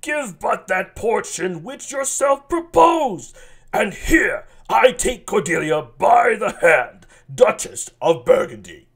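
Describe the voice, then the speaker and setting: A raspy, slow-witted nobleman, as a man reads him aloud in a dramatic reading of an old play. The rasp is put on and sounds a bit dopey. His lines come out measured and formal. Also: high-pitched, big pitch swings, a bit bright, voice pushed up, full character voice. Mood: cool.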